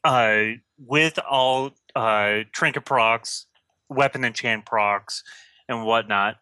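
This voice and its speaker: Male co-host, very bright sharp tone, dry mic, halting speech. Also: mid-range voice, smooth, no room sound. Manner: halting, many fillers and cut-off words. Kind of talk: casual gaming chat.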